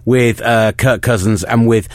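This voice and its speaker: A man co-hosting a sports podcast, chatty and excitable, laughing often. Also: mid-range voice, measured pace, no room sound. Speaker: podcast co-host. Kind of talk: casual chat.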